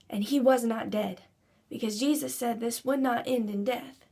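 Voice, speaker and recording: A woman's voice: fairly high pitch, normal speed, a little mellow, slightly rough. A woman giving an earnest devotional talk to camera, building to emphatic preaching. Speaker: Christian speaker.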